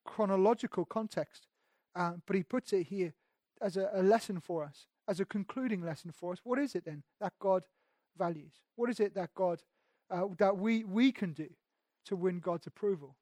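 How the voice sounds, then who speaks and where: A man preaching a sermon, swinging from loud emphasis to hushed, intimate tones and often restarting his phrases. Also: high-pitched, moderate pace, no echo. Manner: repeats words and restarts phrases. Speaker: pastor.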